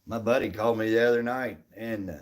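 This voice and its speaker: A middle-aged man with a fairly low voice talks casually on a live stream. He is folksy and chatty, reading out viewers' names and answering each of them in an easygoing way. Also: quick pace. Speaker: livestream host reading chat.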